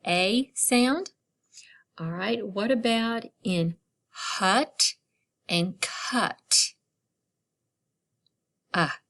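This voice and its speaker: Slow, encouraging phonics teacher woman. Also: medium pitch, fairly bright tone. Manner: slow, drawn-out word modeling with encouraging praise. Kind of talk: phonics lesson for young children.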